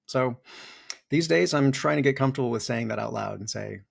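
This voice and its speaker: A man's voice: mid-range voice, fast, vocal fry. A middle-aged man speaking as a podcast guest, reflective and candid, who tells stories and acts out quotes playfully. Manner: animated storytelling with playful acted-out quotes. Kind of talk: reflective interview talk.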